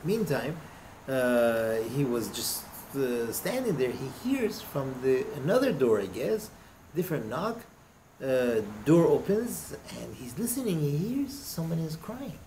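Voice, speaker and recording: A man, a rabbi, telling a story in a class in a lively way with lots of casual fillers. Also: on the high side, a little slow, a little hiss or hum. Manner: lively, with many fillers like "you know". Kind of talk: storytelling in a lesson.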